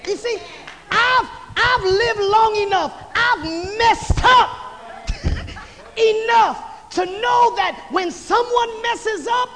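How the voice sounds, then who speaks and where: A preacher delivering a sermon, swinging between shouted lines and hushed passages with rhythmic repeated phrases. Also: extremely high pitch, extremely slow, some chatter behind, a little hiss or hum. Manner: repetitive, rhythmic build-up of phrases. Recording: long hall reverb.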